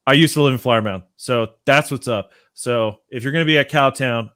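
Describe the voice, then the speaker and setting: A man's voice: fairly low pitch, moderate pace, few pauses, a bit bright, clear, resonant tone, dry recording, studio quality. A young adult man from Texas, hosting a casual chat and rambling loosely with lots of fillers. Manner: laid-back, rambling, many fillers. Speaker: host.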